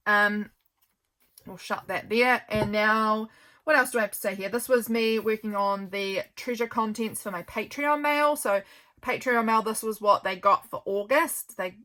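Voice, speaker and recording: A woman's voice: medium pitch, pushed and bright. A woman vlogger chatting casually as she flips through her journal, rambling and friendly with plenty of ums and asides. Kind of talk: casual chatty show-and-tell.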